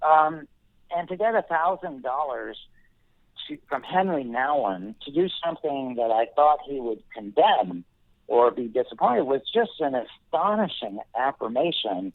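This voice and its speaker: A middle-aged man telling a personal story as an interview guest, thoughtful and halting, pausing often and restarting his sentences. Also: medium pitch, animated. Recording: dry tinny phone line.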